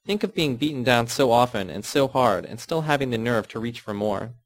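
A man's voice: medium pitch, expressive, a little fast, close to an everyday voice. Man voicing a gushing, tearful woman teacher. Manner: gushing, emotional.

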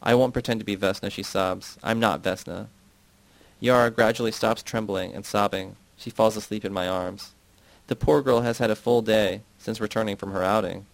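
A man narrating an audiobook in a measured, steady reading voice. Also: lowish voice, creaky, no echo, rough recording. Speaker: audiobook reader. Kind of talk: scripted narration.

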